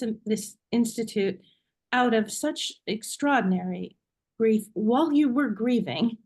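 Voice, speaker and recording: A woman hosting a webinar over a video call. She puts her questions gently and searchingly, with hesitant ums along the way. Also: fairly high pitch. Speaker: webinar host. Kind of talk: interview questions.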